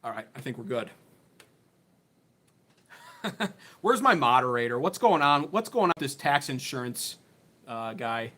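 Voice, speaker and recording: This political livestream host rants into a desk-mounted phone, sarcastic, riled up and cursing freely. His mid-range voice swings widely in pitch and sounds pushed and bright, while he takes his time with long pauses.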